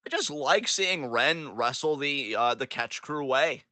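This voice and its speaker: A man's voice: fairly high pitch, unhurried, no echo. A man co-hosting a wrestling podcast, chatting casually and profanely, gleefully acting out what wrestlers said. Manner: excitable, profane, gleeful, acts out quotes. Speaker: podcast co-host. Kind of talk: casual wrestling recap chat.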